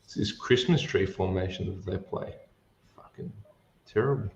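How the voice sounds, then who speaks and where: Low-voiced man on a dull echoey mic. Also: moderate pace, a little mellow. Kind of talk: casual live-stream banter.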